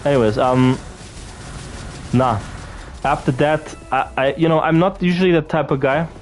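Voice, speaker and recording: A man's voice: a little high, steady tone, moderate pace, soft background music. A young man from Austria, ranting profanely and indignantly as he tells a storytime vlog. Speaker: vlogger. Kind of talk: angry storytime rant.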